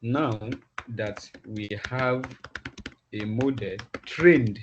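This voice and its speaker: A man teaching a class online, talking in halting phrases and often repeating words as he thinks aloud. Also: mid-range voice, background noise. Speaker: instructor. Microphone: video call. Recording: dull lo-fi video call audio.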